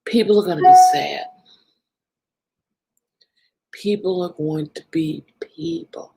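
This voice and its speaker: Tearful, breathy-voiced woman talking slowly. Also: low voice, warm tone, poor audio. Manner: slow, emotional, apologetic, drawn-out pauses and sighs. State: tearful, crying. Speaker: livestream host. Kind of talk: emotional live-stream talk to viewers.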